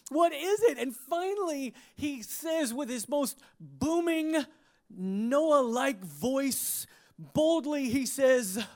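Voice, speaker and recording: A preacher delivers a sermon built around a personal story, told expressively as he laughs along and frequently restarts his sentences. His voice is high-pitched and his delivery extremely slow.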